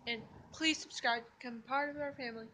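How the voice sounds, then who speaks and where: A high-pitched young female vlogger talks excitably to her audience, filming herself at a park playground. Her voice comes through the camera's own built-in microphone. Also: brisk, a little hiss or hum. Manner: excitable, chatty. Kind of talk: casual vlog chat. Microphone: handheld camera's built-in mic.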